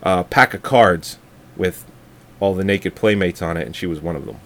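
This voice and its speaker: A man's voice: sits low, moderate pace, slight background noise. A man co-hosting a casual movie review chat, swearing and laughing as he tells long stories. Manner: laughing, swearing, rambling storyteller. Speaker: podcast co-host.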